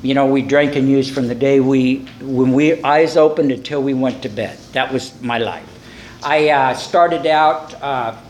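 Older male speaker, high voice, lively storyteller doing voices, roomy hall echo. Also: slight background noise. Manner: animated storyteller acting out voices, chuckling. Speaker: recovery meeting speaker. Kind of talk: personal recovery story.

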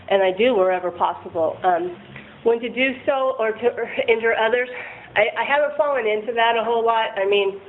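Woman telling a candid story over a tinny line. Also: medium pitch. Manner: rambling, self-deprecating, with frequent laughs. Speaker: person sharing a recovery story. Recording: tinny phone-like line with faint noise.

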